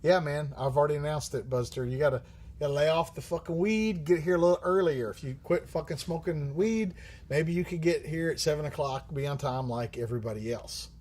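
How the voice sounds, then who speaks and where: A man's voice: fairly high pitch, brisk, a little mellow. A man hosting a livestream who answers viewer questions in a rambling, joking way, swearing often and using many fillers. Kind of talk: casual live-stream chat.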